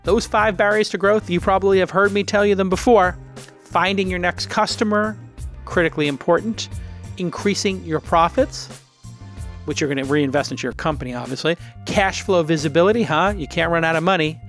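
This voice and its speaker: A man hosting a startup podcast, reading an ad and joking with a guest in an energetic, salesy way. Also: sits high, fairly quick, faint music behind. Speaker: podcast host. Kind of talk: casual chat and host-read ad.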